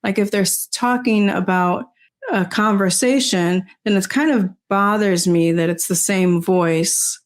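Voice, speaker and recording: An older woman talking as an interview guest, rambling casually with many "you know"s and soft laughs. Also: mid-range voice, steady tone, unhurried. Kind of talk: casual conversation.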